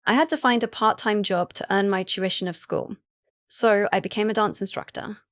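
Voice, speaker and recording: Gentle young werewolf man, read by a woman. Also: medium pitch, fairly even intonation, moderate pace, no echo, clean studio sound, natural voice. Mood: tender. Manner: soft, reassuring.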